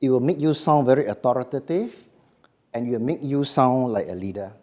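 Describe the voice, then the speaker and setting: A man giving a voice workshop to a live audience, speaking slowly and emphatically and letting his phrases drop quietly at the end. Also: medium pitch. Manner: slow, emphatic, dropping to quiet endings. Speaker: voice coach.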